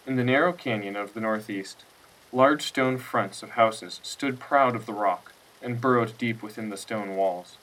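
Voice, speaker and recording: A man narrating a scripted story in a steady, unhurried reading voice. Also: fairly low pitch. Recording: distant mic with faint music.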